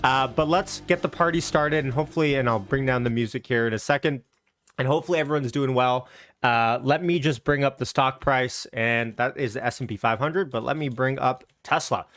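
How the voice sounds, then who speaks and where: A man's voice: mid-range voice, a little fast, a bit bright, no room sound, clean studio sound, faint music behind. A man hosting a casual stock market livestream, upbeat and chatty, greeting viewers from the chat with loose restarts.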